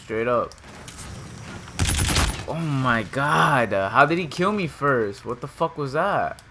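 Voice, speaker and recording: A young man giving casual, trash-talking commentary while he plays a shooter game, and he jumps up to shouting when things go wrong. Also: mid-range voice, background noise. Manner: trash-talking, excitable, quick swings to shouting. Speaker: gameplay streamer. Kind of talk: casual live commentary over gameplay.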